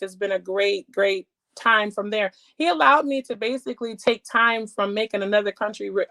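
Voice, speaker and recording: A woman guest telling her faith testimony in a casual, animated way, acting out the voices she quotes. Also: mid-range voice.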